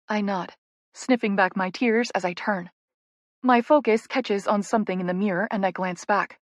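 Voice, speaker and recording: A woman narrating a first-person romance audiobook in a soft, intimate, emotional way. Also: mid-range voice, fairly even intonation, normal speed, no echo, studio quality.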